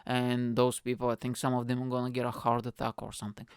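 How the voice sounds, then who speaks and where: A man rants through his own podcast with loud, restless energy, swearing freely and rambling from one thought to the next. His voice sits at an ordinary pitch, and the recording sounds dry and close. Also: monotone, fast talker, clean tone, dry recording. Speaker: podcast host. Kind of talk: ranting comedic monologue.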